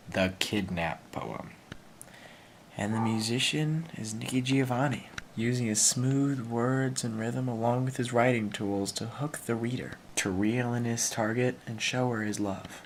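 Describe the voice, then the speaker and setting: A man's voice: fairly low pitch, a little hiss or hum. A young man giving a casual, playful analysis of a poem, with mock-dramatic asides.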